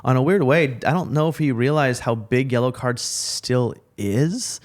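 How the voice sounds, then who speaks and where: Excitable man co-hosting a podcast. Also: medium pitch, measured pace. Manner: excited, rambling, swears casually. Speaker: podcast co-host. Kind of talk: casual podcast chat.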